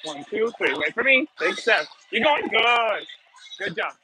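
Bright-voiced man teaching a salsa class. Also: high-pitched, lively intonation, measured pace, faint music behind, low-quality recording. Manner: counts beats and calls cues to dancers, mixing Spanish and English. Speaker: salsa instructor. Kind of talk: live dance class instruction. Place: dance studio with a class.

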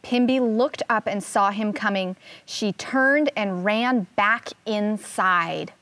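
Reading a picture book to her first graders, this woman speaks at a medium pitch, taking it slowly and expressively while putting questions to the kids.

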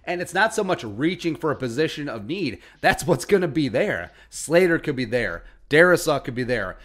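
A man's voice: a little high, sing-song, normal speed. A man hosting a sports podcast, giving casual, sarcastic commentary with joking asides. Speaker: podcast host.

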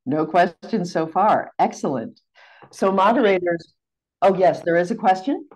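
An American woman running a seminar over a video call, giving clear, measured and courteous instructions. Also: fairly low pitch, lively intonation, darkish tone. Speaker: seminar facilitator.

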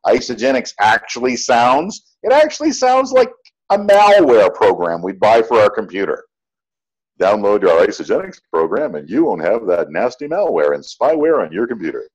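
A man's voice: fairly low pitch, rough recording. A man giving a motivational sales training talk, telling stories and acting out both sides of each conversation. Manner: animated storyteller, acts out dialogue. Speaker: network marketing trainer.

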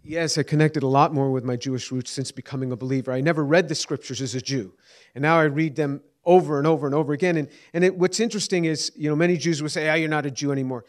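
A man's voice: on the high side, steady tone, quick pace. Earnest man answering audience questions. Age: 50s. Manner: earnest, repeats and restarts words. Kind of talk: lecture Q&A answer.

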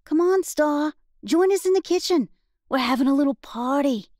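A woman's voice: high-pitched, animated, moderate pace, a little mellow, dry recording, clean studio sound, voice pushed up. A woman narrator voicing a flirtatious, theatrical witch who talks in a teasing, sing-song way in an audiobook. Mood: cheerful.

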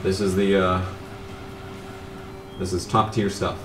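A man's voice: low-pitched, flat delivery, slow pace, echoey room, far from the mic, background noise. Grumbling, profane young man narrating gameplay. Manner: grumbling, profane, laid-back rambling. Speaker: gameplay commentator. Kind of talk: casual gameplay commentary.

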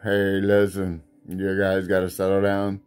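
A man voicing a stern, deep-voiced father figure who scolds slowly. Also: completely flat delivery, a little mellow, smooth. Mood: scolding. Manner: slow, low, scolding.

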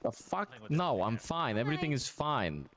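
A man's voice: mid-range voice, big pitch swings, normal speed, fairly bright tone. A man voicing an irritable, suspicious character in an improvised game roleplay who keeps insisting everything is fine.

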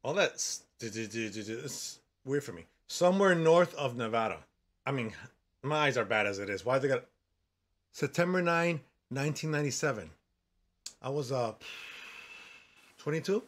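A man's voice: mid-range voice, expressive, normal speed, pauses often. A man in his forties giving casual, jokey gameplay commentary, talking back to characters on screen and swearing freely. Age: 40s. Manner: joking, loud and swearing, talks to characters on screen. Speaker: gaming streamer.

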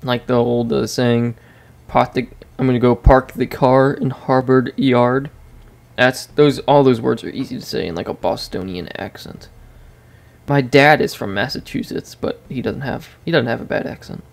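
A man's voice: mid-range voice, normal speed, creaky. A man hosting a gaming channel, rambling casually while he plays and reacting to the match. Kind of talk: casual gameplay commentary. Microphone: desk microphone.

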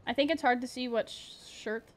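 A woman's voice: a little high, fairly even intonation, brisk. A young woman streaming a video game, playfully exclaiming at the action and chatting with her viewers. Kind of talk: live gameplay commentary.

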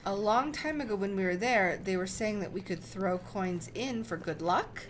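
A woman gaming YouTuber giving excitable let's play commentary, thinking aloud and gasping at surprises. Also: medium pitch, moderate pace, background noise.

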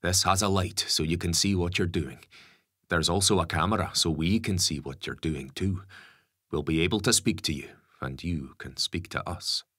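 A man's voice: low-pitched, normal speed, a bit bright, husky, dry recording, clean studio sound. A man doing a matter-of-fact engineer. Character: practical male electrical engineer, matter-of-fact.

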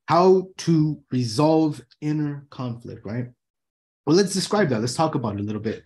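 A man's voice: on the high side, lively intonation, moderate pace, a little mellow. A man hosting his own talk show from his room, talking casually and animatedly, swearing freely and acting out people's inner thoughts. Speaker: host.

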